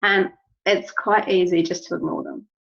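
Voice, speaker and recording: This wellness business trainer speaks to her team in a lowish voice that is steady and fairly bright, touched with vocal fry, at a moderate pace. Her instructional talk is earnest and encouraging, with key phrases repeated. The recording is lo-fi and dull.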